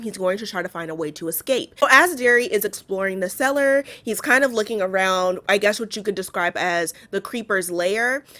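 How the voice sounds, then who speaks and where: A woman's voice: medium pitch, fairly bright tone. A young woman recapping a horror movie in a casual, sarcastic way, swearing freely and talking straight to her viewers.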